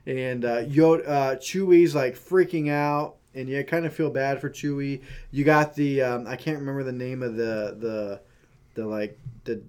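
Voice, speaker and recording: A man's voice: medium pitch, steady tone, measured pace, darkish tone, clean tone. Rambling man in casual chat. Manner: rambling, filler-heavy, teasing. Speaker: podcast co-host.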